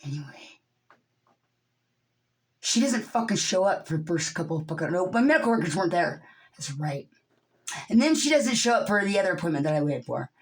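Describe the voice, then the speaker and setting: A woman venting on her own channel in a profane rant, swinging between low muttering and yelling, openly upset. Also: sing-song, brisk, long pauses, low-quality recording. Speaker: vlogger. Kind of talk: angry venting monologue.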